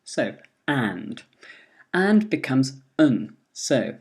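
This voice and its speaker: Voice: medium pitch, expressive, takes it slowly, darkish tone. A pronunciation teacher, giving a scripted lesson and carefully modelling each phrase in its full form and then its weak form.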